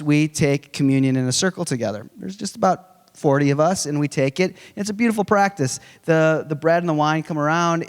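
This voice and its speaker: A man in his forties, giving a conference lecture in a conversational, animated way with humorous storytelling. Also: fairly high pitch, clean tone. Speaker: conference speaker. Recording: long reverb of a large hall.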